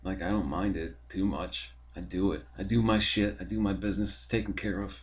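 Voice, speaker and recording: A man's voice: deep voice, fairly even intonation, a little fast. A young man, talking in a rambling, profane, casual monologue full of fillers as a podcast host.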